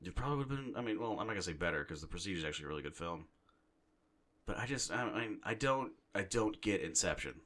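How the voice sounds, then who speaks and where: Ranting, profane man with a low voice. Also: lively intonation, fast, fairly bright tone. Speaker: podcast co-host. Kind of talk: casual chat.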